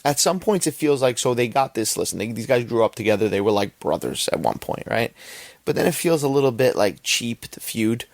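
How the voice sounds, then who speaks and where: A man's voice: mid-range voice, creaky, no echo. A young man hosting a podcast, giving a rambling, profane casual movie review and often checking in with "right?". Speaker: podcast host.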